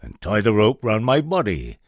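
A man's voice: on the low side, huge pitch swings, normal speed, dry recording, clean studio sound, voice pushed up. A brash young soldier, as a man puts him on. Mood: urgent.

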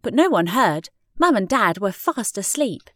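A woman reading children's stories aloud in an expressive, measured way. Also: medium pitch, dry recording, studio quality. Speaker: storyteller. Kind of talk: storybook reading.

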